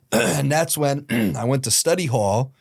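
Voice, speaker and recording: Guest storyteller, male, late 30s: animated, jumps into quoted voices, dry close mic. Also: mid-range voice, creaky, breathy edge, no echo. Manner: lively retelling, acting out quoted voices, quick asides. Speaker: guest, hockey team founder. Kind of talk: storytelling in a podcast interview.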